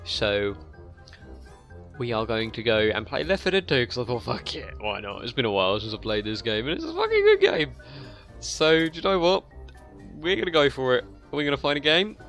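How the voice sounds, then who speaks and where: A drunk young man giving rambling, profane commentary as he plays a video game, now and then breaking into sudden yells. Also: medium pitch. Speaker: gaming channel host.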